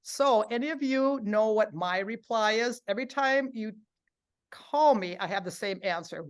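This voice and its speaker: A woman's voice: on the high side, normal speed, smooth. Upbeat woman presenter leading a workshop. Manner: upbeat, coaxing the audience to join in; acts out quoted speech with lively voices.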